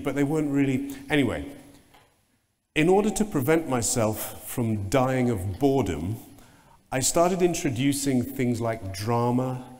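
A man giving a conference keynote talk, telling anecdotes in an animated way and mimicking sounds and voices. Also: medium pitch. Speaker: keynote speaker. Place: large conference hall. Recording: long reverb of a conference hall.

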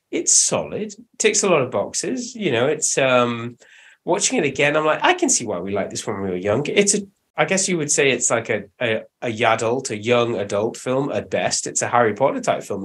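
A man with a mid-range voice talks in relaxed podcast banter. He cracks jokes and keeps an easy, loose flow. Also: mid-range voice, slightly rough. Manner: joking, relaxed. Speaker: podcast co-host. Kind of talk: casual film chat.

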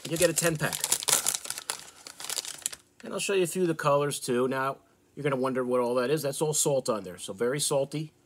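An American man from the northeastern United States, hosting a fishing channel, casually showing off soft plastic baits in a relaxed, chatty way with fillers. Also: mid-range voice, a little fast, pauses often. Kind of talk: casual product show-and-tell.

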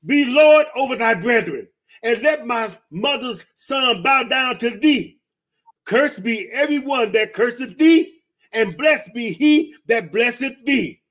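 A man's voice: very high voice, lively intonation, slow pace, a bit bright. A man reading scripture aloud on a radio show, reading steadily and adding brief reactions.

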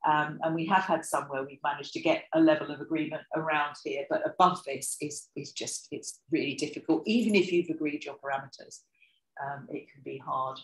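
Animated woman lecturing in an echoey room. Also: fairly quick. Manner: lively, animated, with many fillers and asides; acts out intonation examples with expressive pitch. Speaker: lecturer presenting research. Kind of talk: academic workshop talk.

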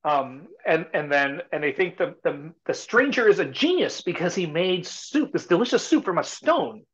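A man's voice: on the high side, big pitch swings, normal speed, breathy edge. A man talking as a startup CEO guest in a casual live talk, rambling and full of fillers and restarts. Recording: muffled lo-fi audio.

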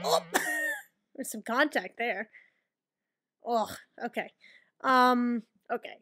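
Woman gamer chatting over her gameplay, bright voice swinging all over, cusses at the game a lot. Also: sits high, unhurried, long pauses. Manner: excitable, swears and yells at the game. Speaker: gaming video host. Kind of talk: casual gameplay commentary.

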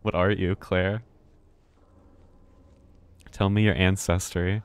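A man's voice: deep voice, little pitch movement, takes it slowly, pauses often, clean tone. A man streaming a game live, chatting casually and rambling, often swearing and laughing. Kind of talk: casual live gameplay commentary.

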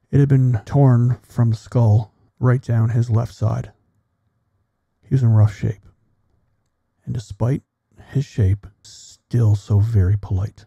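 Gravelly, very dark-voiced man telling a story. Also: medium pitch, dry recording, dull audio. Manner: blunt, profane, measured delivery. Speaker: podcast guest, military veteran. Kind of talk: personal storytelling.

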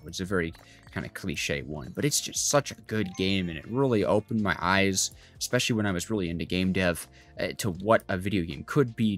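A young adult gaming YouTuber gives rambling let's play commentary in a low but fairly bright voice. He is chatty, full of fillers and side remarks.

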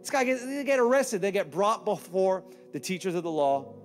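A man's voice: high-pitched, normal speed, faint music behind. A man preaching a sermon on a church stage, joking and acting out Bible scenes in put-on voices. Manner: animated, joking, acts out quotes in put-on voices. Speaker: pastor.

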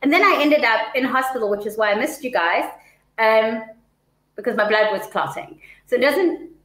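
A woman co-hosting a casual live-stream chat, telling stories in an animated, dramatic way. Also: on the high side, normal speed. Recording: echoey room.

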